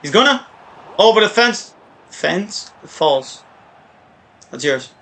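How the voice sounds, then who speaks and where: A gaming YouTuber with a high-pitched voice gives casual, rambling live commentary while playing a soccer video game, taking it slowly. He often breaks into excited shouts and cheers.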